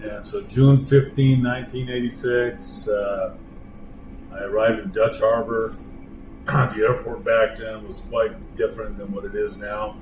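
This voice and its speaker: Man, low register, halting plainspoken storyteller; echoey room with loud air-conditioning hum. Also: level tone. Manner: plainspoken, halting with frequent pauses. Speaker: longtime company employee sharing stories. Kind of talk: casual storytelling.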